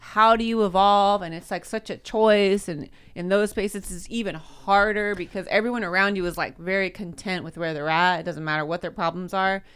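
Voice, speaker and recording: A woman's voice: medium pitch, steady tone, moderate pace, few pauses, a bit bright, smooth. A woman comedian as a podcast guest in casual chat, frank and emphatic, swearing freely.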